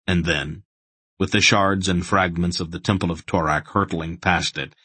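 A man narrating a fantasy audiobook in a dramatic, measured storytelling manner. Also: low voice, steady tone, sharp tone, husky, no echo.

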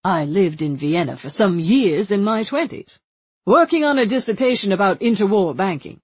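A suave, courtly official in his forties, as a woman narrator puts him on, speaking with a mid-Atlantic accent in a drawn-out, jovial manner. His voice is a little husky and lively in pitch, set close and dry. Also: no room sound. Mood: self-deprecating. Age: 40s.

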